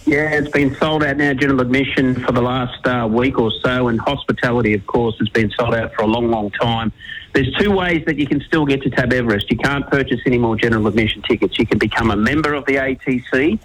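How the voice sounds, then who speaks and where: An Australian man from a turf club, giving steady, informative promotional details on radio. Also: mid-range voice, fast, a little hiss or hum, rough recording.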